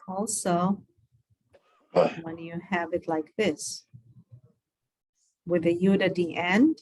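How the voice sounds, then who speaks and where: A woman's voice: fairly low pitch, drawn-out words, long pauses, a bit bright. A woman from Israel teaching an online Hebrew class over a video call, patiently repeating letter sounds with chatty asides.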